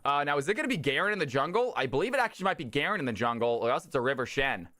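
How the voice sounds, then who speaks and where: A man's voice: on the high side, racing. A man hosting a live stream, commentating games and talking directly to his chat with lots of hype. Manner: energetic, hyped, talks straight to chat. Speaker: streamer hosting community game nights.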